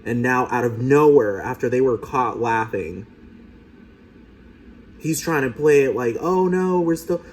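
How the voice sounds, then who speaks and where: A man's voice: medium pitch, unhurried, long pauses, a little hiss or hum. A man giving profane, mocking commentary over video clips.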